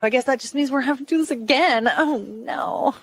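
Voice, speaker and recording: A woman with a hoarse, sick voice, hosting a stream in casual, halting, rambling chat that pokes fun at herself. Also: sits high, dry recording, studio quality. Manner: rambling, halting, self-deprecating. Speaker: streamer host.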